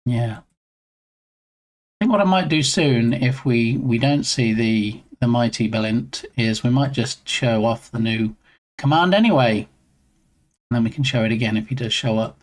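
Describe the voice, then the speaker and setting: A man's voice: mid-range voice, unhurried. A man streaming live and chatting casually with his viewers in a rambling way, greeting them by name.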